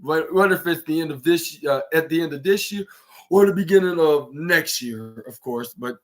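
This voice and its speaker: A man's voice: fairly high pitch, normal speed. A man hosting his own podcast, recapping wrestling in a casual, rambling way and acting out quoted lines. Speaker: podcast host.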